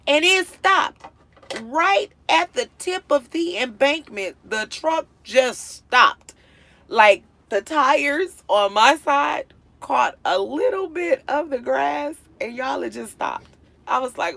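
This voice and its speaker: A woman vlogger telling a story casually to her viewers, animated and acting out what people said. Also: high-pitched, measured pace, vocal fry. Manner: animated, acts out quotes with big swings in loudness.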